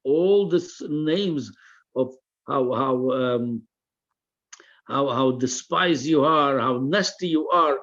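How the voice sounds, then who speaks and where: A man's voice: medium pitch, slow pace, a bit bright, highs cut off. A man teaching a religious text class, reading each phrase aloud and translating it line by line, often repeating words while he searches for the right translation. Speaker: Torah teacher.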